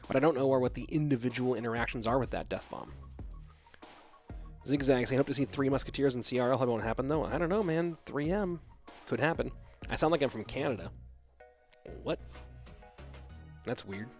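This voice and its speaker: Subdued, musing American esports caster. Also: male voice, medium pitch, fairly quick, long pauses, faint music behind. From USA. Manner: quiet, subdued delivery to keep from waking a child; casual, musing, asks himself questions aloud. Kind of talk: solo esports commentary with chat reading.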